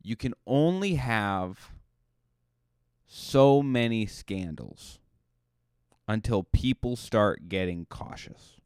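A man's voice: on the low side, expressive, slow pace, long pauses, darkish tone, clear, resonant tone, dry recording, clean studio sound. A man from Cape Cod hosting a podcast, rambling through a joking, self-deprecating monologue. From Cape Cod, Massachusetts. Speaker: podcast host. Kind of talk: comedic monologue.

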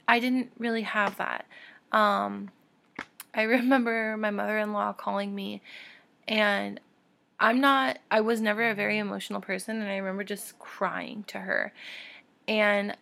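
Chatty young woman, gravelly edge. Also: medium pitch, steady tone, a little slow. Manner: candid and chatty, with frequent soft laughs and fillers; heartfelt and encouraging toward listeners. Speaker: podcast host. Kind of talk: casual solo podcast talk.

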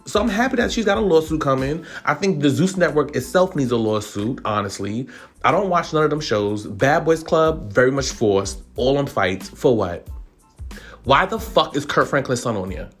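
A man talking straight to camera about celebrity gossip, loose and profane. His voice sits at a middling pitch, and his delivery is chatty and opinionated. Faint music plays underneath. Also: expressive, normal speed, fairly bright tone. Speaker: vlogger. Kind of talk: casual celebrity gossip commentary.

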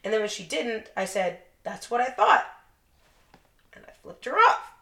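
Bright-voiced woman telling a profane story. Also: on the high side, big pitch swings, moderate pace. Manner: profane, blunt storytelling with laughs. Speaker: podcast co-host. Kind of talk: casual podcast chat. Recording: roomy echo.

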